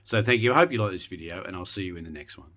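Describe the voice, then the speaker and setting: A man teaching a relaxed, unscripted lesson on a poem, full of ums and restarts. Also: sits low, very fast. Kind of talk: casual spoken lesson.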